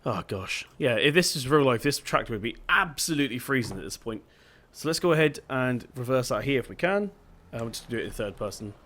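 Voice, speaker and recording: A man's voice: medium pitch, animated, fairly quick, hardly any pauses, a bit bright. A young man giving casual let's-play commentary as a gaming video host, chatty and rambling, often stopping to correct himself.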